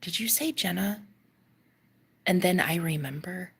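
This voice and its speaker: Gravelly husky woman telling a story. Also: fairly low pitch, measured pace. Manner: animated, swearing, often drops to a whisper. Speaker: vlogger. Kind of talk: casual storytelling to camera.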